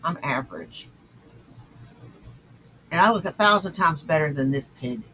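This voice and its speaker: A woman's voice: low voice, expressive, measured pace, a bit bright, a little hiss or hum, low-quality recording. A woman hosting a livestream, reacting to clips with scornful, insulting commentary. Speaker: stream host reacting to clips.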